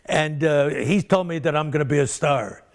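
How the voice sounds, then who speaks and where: Interviewed about his career, an older comedian spins rambling, comic anecdotes and acts out everyone in them. He speaks at a normal pace in a slightly high voice.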